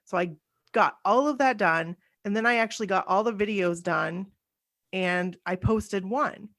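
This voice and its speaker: A woman's voice: medium pitch, a little slow, fairly bright tone. Chatty woman host telling a story. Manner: chatty, run-on storytelling with many "like"s. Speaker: podcast host. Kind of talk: casual chat, personal storytelling.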